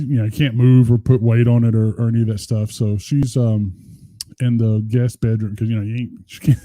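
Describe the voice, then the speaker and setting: Dark-voiced middle-aged man, rambling and profane. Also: mid-range voice, no echo. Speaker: podcast co-host. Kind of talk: casual chat.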